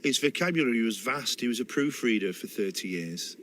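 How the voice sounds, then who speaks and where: A man's voice: medium pitch, expressive, a little fast, fairly bright tone, a little hiss or hum. A man with a Manchester accent, a radio interview guest telling family stories thoughtfully, with hesitant restarts. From Manchester, England. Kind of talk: reflective storytelling in a radio interview.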